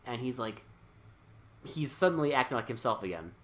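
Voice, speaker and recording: A man co-hosting a podcast, retelling a film's plot in casual, profane chat with quick quoted lines. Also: mid-range voice, lively intonation, fairly bright tone. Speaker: podcast co-host. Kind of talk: casual movie recap chat.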